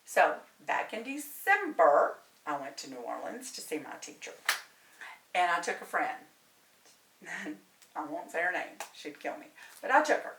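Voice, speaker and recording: A woman's voice: fairly low pitch, measured pace, pauses often. A woman, a medium and tarot reader, telling a story in casual chat, talking a lot and laughing often. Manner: animated, chatty, laughs often. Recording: roomy, distant mic, faint noise.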